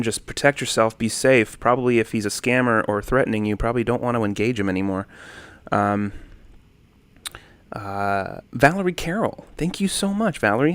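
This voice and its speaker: A young man runs a casual livestream from home, reading comments aloud and greeting chatters by name. He speaks in a mid-range voice into a desk condenser microphone with no echo, sounding relaxed but given to animated swings.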